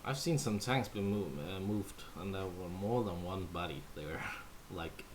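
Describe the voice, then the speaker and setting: A man's voice: low voice, measured pace, noisy background. A Danish man, whose first language is Danish, chatting casually with viewers as a livestream host, playful and full of fillers. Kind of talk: casual chat answering viewers.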